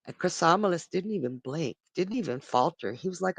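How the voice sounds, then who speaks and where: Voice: medium pitch, animated, a little fast, creaky, fairly bright tone, slightly rough, no room sound. A psychic telling an ancient myth on a casual live stream, chatty and laughing at their own jokes. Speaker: psychic storyteller.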